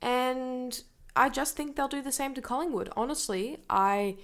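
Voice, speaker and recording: A woman's voice: high-pitched, unhurried. Australian woman, easygoing sports talk. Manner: confident, laughs easily. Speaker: podcast co-host. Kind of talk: casual sports chat.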